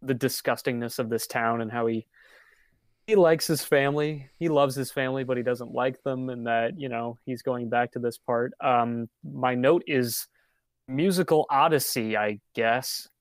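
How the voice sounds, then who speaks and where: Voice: medium pitch, moderate pace, no room sound, studio quality. A podcast co-host in casual chat, hesitant with many fillers and often breaking into laughter. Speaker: podcast co-host reviewing an album.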